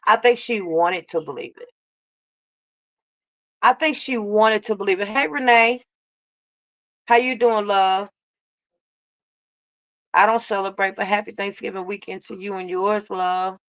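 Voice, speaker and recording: A woman's voice: medium pitch, fairly even intonation, measured pace, pauses often, a bit bright, no echo, dull audio. A woman hosting a casual live reaction stream, drawling and sassy, calling her chat baby and love. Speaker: reaction channel host.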